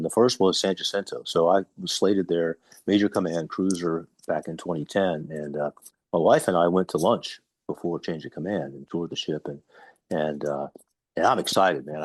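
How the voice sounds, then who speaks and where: American man in his fifties, very low voice, slightly husky, podcast guest telling stories. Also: dry recording. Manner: animated anecdotes, frequent ums. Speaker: retired navy captain guest. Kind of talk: conversational podcast interview.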